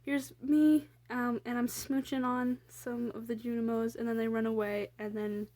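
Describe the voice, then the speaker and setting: A woman's voice: on the high side, flat delivery, moderate pace, mellow. A young woman casually rambling through her sketchbook, full of fillers, self-deprecating asides and casual swearing. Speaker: artist showing her sketchbook.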